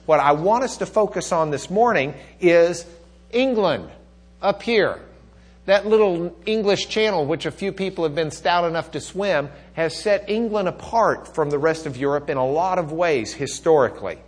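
A fairly high-voiced man lecturing a church class on history. He talks in a folksy way, with jokes and asides, and often stops on "uh" and "um". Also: animated, normal speed, breathy edge. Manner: folksy, joking asides, frequent fillers. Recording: recorded on tape in class.

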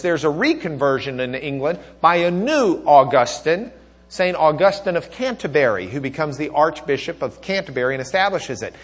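A fairly high-voiced man lecturing a church class on history. He talks in a folksy way, with jokes and asides, and often stops on "uh" and "um". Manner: folksy, joking asides, frequent fillers. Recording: recorded on tape in class.

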